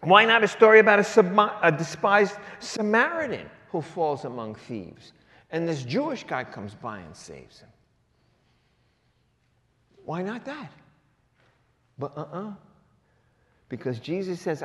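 A male pastor preaching a sermon, asking rhetorical question after question and swinging between loud emphasis and hushed lines. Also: on the high side, sing-song, unhurried, long pauses. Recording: long reverb of a large hall.

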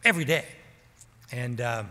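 A middle-aged man preaching a sermon as a pastor, telling a story in an earnest way and slowing down to stress key points. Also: medium pitch, bright, forceful tone, a little hiss or hum. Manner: earnest, slows down for emphasis. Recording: reverberant hall.

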